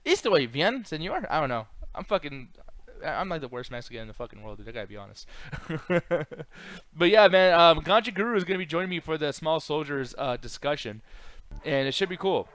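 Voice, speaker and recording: A man's voice: a little high, fairly quick, a bit bright, no echo. Slangy young man chatting on a stream. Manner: loose, slangy, talks to chat, sing-song greetings. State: throat a bit rough. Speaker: streamer host. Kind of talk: casual live-stream chat.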